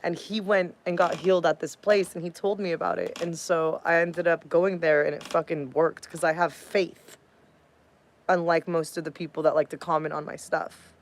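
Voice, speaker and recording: A woman's voice: sits low, fairly even intonation, moderate pace, a little hiss or hum. A woman from the United States ranting on a livestream in a profane, rambling way, losing her train of thought. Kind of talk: casual livestream rant.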